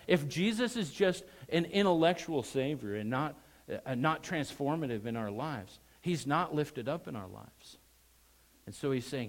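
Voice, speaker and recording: A man preaching a sermon emphatically, repeating phrases and swinging between loud stressed words and quiet asides. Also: a little high, animated, normal speed, vocal fry. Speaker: pastor.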